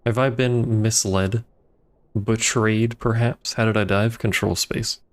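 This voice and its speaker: Gravelly low-voiced man streaming a game. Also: fairly even intonation, slow pace. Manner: wry, grumbling, swears casually. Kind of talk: casual gameplay commentary.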